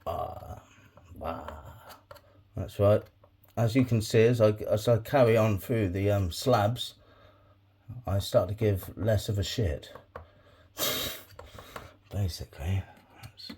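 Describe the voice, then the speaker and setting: A man's voice: fairly low pitch, slow pace, long pauses, a little mellow, slight background noise. A man making clay pots as he talks, rambling and swearing freely, often muttering asides under his breath. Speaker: crafting hobby vlogger. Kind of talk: casual crafting tutorial.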